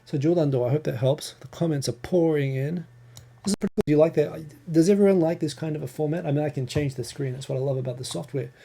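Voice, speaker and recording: A man's voice: fairly high pitch, fast, vocal fry, mellow, slight background noise. A man with a New Zealand accent hosting a casual live Q&A, reading viewer questions and answering in a chatty, rambling way with frequent ums and restarts. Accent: New Zealand English.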